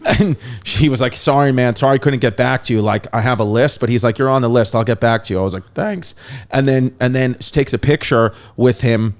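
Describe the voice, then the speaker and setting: A man who is a comedian, a podcast guest telling a long story in a rambling, animated way. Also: mid-range voice, a little fast, few pauses. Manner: rambling, repeats "I was like", animated retelling. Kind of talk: casual storytelling.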